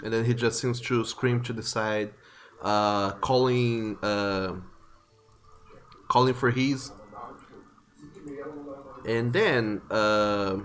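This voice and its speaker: A man narrating a tabletop game as game master, describing the scene in a relaxed way with frequent fillers. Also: medium pitch, creaky, slight background noise.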